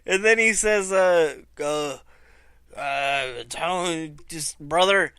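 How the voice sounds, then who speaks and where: Bright-voiced, unhurried profane man. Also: a little high, clean tone, no echo. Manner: profane, animated storytelling. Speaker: wrestling review vlogger. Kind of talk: casual commentary.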